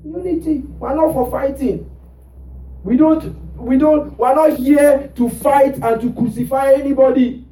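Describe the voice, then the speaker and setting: A man's voice: very high voice, fairly even intonation, a little slow, mellow, distant mic. A male pastor preaching a sermon in a church, prompting the congregation with rhetorical "what?" questions. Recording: roomy church sound from off mic.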